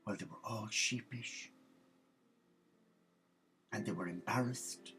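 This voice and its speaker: A man telling a comic story in a gossipy, animated way. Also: on the low side, slow, soft background music, low-quality recording.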